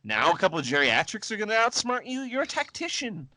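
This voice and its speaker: A man's voice: sits high, sing-song, quick pace, pushed and bright, dry recording, low-quality recording. A man co-hosting a podcast, chatting casually about comics, laughing often and acting out characters in goofy voices. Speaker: podcast co-host. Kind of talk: casual comic-book discussion.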